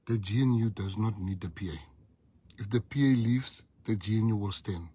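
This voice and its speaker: A man's voice: fairly low pitch, moderate pace, mellow, slightly rough. A South African man and party leader telling a personal story in a speech, emphatic and repeating lines for effect.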